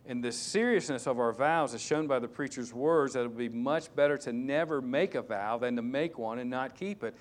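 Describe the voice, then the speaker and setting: A male pastor preaching a sermon, emphatic and repetitive, swinging between loud stresses and hushed asides. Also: medium pitch, normal speed, hardly any pauses. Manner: repeats key words for stress.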